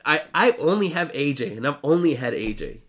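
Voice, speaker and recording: A man in his twenties co-hosting a casual podcast chat, rambling and animated, often laughing. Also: fairly high pitch, a little fast. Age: 20s. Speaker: podcast co-host.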